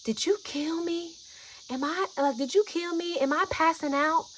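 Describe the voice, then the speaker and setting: A woman's voice: a little high, fairly even intonation, moderate pace, a little hiss or hum, voice pushed up, natural voice. A woman voicing a frightened, confused young woman who pleads in a small, shaky voice. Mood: scared, pleading.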